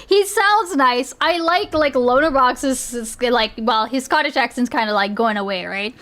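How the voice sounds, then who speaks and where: High-voiced chatty woman streamer. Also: moderate pace, a bit bright. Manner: chatty, giggly, thinks aloud with many fillers. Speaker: streamer reacting to accent clips. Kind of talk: casual live-stream commentary.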